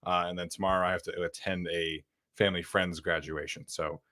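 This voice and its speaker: A man's voice: sits low, flat delivery, a little fast, sharp tone. A young man hosting a sports podcast, chatting casually and energetically with plenty of fillers. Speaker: podcast host.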